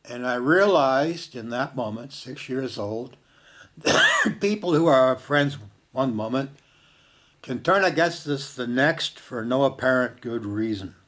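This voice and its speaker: Older man, from Canada, personal storytelling monologue, slow reflective delivery. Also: medium pitch, wildly swooping pitch. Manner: slow, reflective, with hushed quoted lines.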